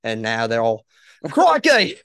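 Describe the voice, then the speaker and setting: Relaxed male podcast host chatting casually, swearing freely and laughing easily. His voice sits at a medium pitch. The recording is close and dry, with no room sound. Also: brisk, smooth, dry recording. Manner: laid-back, swears often, laughs a lot. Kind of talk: casual chat.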